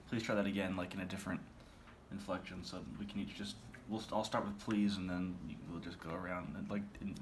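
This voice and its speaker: A young man with a lowish voice steers a casual group talk, often pausing and restarting. The room around him is echoey, with faint noise behind. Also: distant mic. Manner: hesitant, full of restarts and fillers. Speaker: student group leader.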